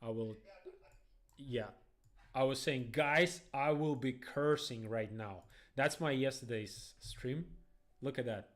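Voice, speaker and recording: A young man, rambling excitedly through live trading stream commentary in phrasing. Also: medium pitch, slow. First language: Russian. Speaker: day trader streamer.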